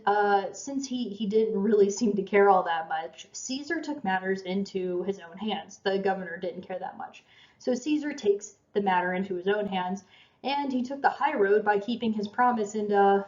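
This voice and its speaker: A woman's voice: mid-range voice, normal speed, darkish tone. A woman lecturing on history in a chatty, self-deprecating way, with fillers and small laughs. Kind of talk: casual recorded lecture. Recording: roomy, dull lo-fi lecture recording.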